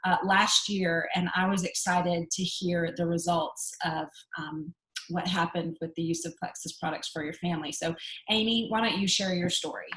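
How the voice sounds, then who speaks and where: A woman hosting a talk, introducing a guest and asking her questions with steady, filler-laced phrasing. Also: fairly low pitch, moderate pace, echoey room, rough recording. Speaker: host.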